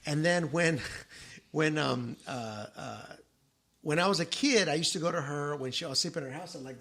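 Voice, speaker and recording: A middle-aged man with a fairly high voice tells a personal story on a casual podcast. He slips into the voices of his relatives as he goes. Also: normal speed, a bit bright. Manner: storytelling, acts out quoted relatives. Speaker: podcast co-host. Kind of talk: casual chat.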